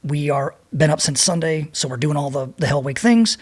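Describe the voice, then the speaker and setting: Guesting on a podcast, a fiftysomething ex-Navy SEAL tells loose, foul-mouthed war stories in a relaxed storytelling manner. He speaks a little fast, with a fairly high pitch and lively intonation.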